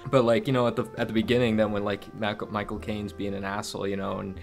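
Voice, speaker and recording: Rambling male podcast co-host, lowish voice. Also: flat delivery, fast talker, vocal fry, soft background music. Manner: rambling, many fillers and restarts. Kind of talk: casual chat.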